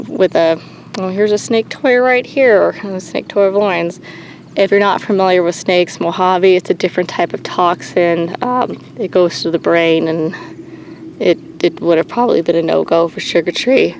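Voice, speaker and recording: A woman running an animal sanctuary, talking candidly in a halting way with many pauses and restarts. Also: on the low side, slight background noise. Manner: halting, many ums and restarts, nervous laughs. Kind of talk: candid personal vlog. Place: outdoors on a rural animal farm.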